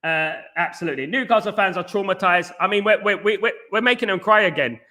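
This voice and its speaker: A man hosting a live fan stream, talking fast and animated, bantering while reading out chat messages. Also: high-pitched.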